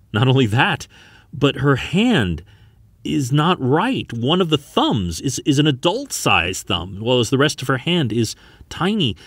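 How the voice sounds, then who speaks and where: A man hosting a podcast, recapping a comic book in a lively, storytelling way. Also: mid-range voice, breathy edge, no echo. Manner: lively storytelling, acting out scenes. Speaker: podcast host.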